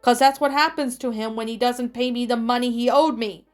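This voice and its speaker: A woman's voice: a little high, steady tone, a little slow, faint music behind, natural voice. A woman voicing a cruel gangster who growls out menacing threats.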